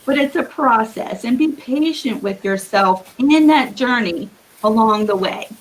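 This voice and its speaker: A woman giving earnest, encouraging quilting advice as a guest on a live video call, with a husky morning voice. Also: on the high side, lively intonation, measured pace, poor audio. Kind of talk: live-streamed advice talk.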